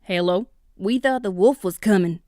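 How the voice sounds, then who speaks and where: A woman's voice: medium pitch, normal speed, no room sound, clean studio sound, lightly acted. A woman voicing a big, worried male beaver telling what happened. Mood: urgent. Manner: loud, urgent storytelling.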